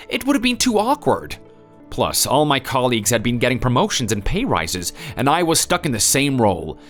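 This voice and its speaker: A man's voice: medium pitch, fairly bright tone. A man voicing a weary, defensive husband in a dramatized story. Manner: defensive, exasperated. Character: weary husband who had an affair.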